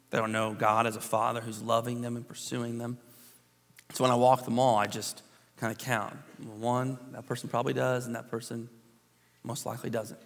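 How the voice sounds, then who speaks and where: A man in his thirties, a pastor telling a personal story in a relaxed, conversational sermon with many fillers and restarts. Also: medium pitch. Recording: long hall reverb.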